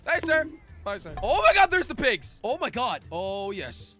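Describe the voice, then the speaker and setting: A young man with a high, bright voice that leaps all over the place, commenting on a game with excited jokes and sudden shouts. Game music plays faintly behind him. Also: moderate pace. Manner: excitable, jokey, frequent laughs and shouts. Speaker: gaming channel host.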